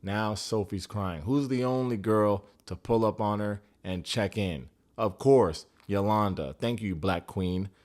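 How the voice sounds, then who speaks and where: Guy with a lowish voice doing a jokey, sweary tv recap. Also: a little slow, few pauses, a little mellow. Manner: jokey, profane, sarcastic asides. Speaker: recap show host. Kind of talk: comedic TV recap commentary.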